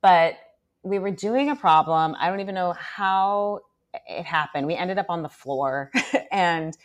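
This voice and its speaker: A mother chatting casually as a podcast co-host, telling an animated story with lots of fillers. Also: lowish voice, unhurried. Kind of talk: casual chat.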